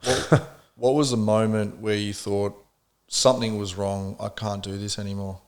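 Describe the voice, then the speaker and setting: A man's voice: fairly low pitch, steady tone, normal speed. A man hosting a podcast interview, mostly giving brief affirmations. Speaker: podcast host. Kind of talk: interview listening.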